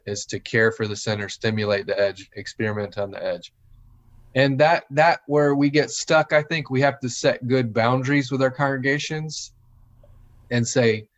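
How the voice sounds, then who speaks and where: A male pastor talking casually and animatedly, often acting out what other people say. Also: on the low side. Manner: animated, acts out quoted voices. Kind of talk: casual conversation. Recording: dull lo-fi audio.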